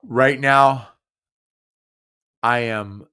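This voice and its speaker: A man's voice: medium pitch, fairly even intonation, drawn-out words, sharp tone, smooth. A drunk man hosting a podcast, slurring his speech, rambling and stumbling over repeated words. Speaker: podcast host. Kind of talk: casual live podcast talk.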